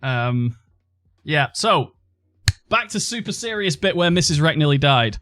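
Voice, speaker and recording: A man's voice: fairly high pitch, expressive, a little slow, a bit bright, dry recording. Sarcastic joking male streamer. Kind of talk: casual stream chat.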